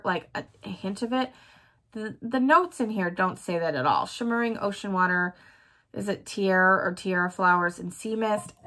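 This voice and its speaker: A woman's voice: medium pitch, fairly bright tone. A woman vlogger chatting casually about her weekly wax melts, listing scent notes and laughing often. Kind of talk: casual product chat.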